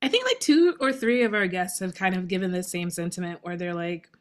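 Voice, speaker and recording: Woman podcast co-host, lowish voice, casual, animated, laughs easily. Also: brisk. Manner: chatty, animated, laughs often. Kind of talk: casual conversation.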